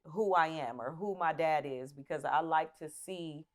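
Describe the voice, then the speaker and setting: A middle-aged woman as an interview guest, chatting casually in a relaxed way, laughing easily. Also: sits low, moderate pace.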